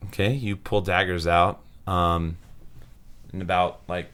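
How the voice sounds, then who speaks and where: Low, slow-talking man running a game. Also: smooth. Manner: relaxed, unhurried, with many ums and likes. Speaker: game master. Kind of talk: narrating a tabletop game.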